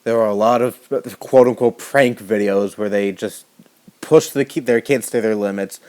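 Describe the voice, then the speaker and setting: A young man delivering an indignant rant to camera, swearing often and halting with fillers and restarts. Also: lowish voice, fairly even intonation, darkish tone. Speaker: YouTuber. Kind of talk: angry rant vlog.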